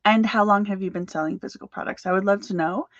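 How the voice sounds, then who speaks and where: A woman's voice: mid-range voice, quick pace, no echo, dull audio. A woman coaching crochet sellers in a chatty, upbeat live stream, with fillers and little laughs. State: slightly out of breath.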